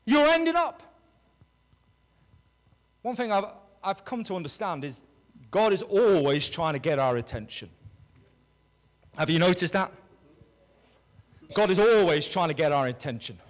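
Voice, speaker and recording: Male pastor, high voice, animated sermon, loud then hushed, long hall reverb. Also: unhurried, long pauses. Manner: animated preaching, swinging between loud and hushed. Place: church hall with a congregation.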